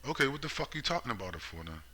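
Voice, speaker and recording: A man's voice: medium pitch, sing-song, racing, sharp tone, breathy edge, rough recording. A man giving a profane, sarcastic vlog rant about politics, full of rhetorical questions. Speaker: political commentator. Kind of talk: ranting vlog commentary.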